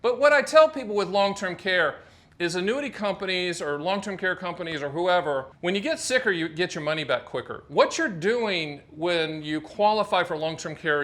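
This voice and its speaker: A middle-aged man from North Carolina hosting a casual video, joking and hammering his points home with repetition. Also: high-pitched. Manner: jokey, animated, emphatic repetition. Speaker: host. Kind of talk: casual talk to camera.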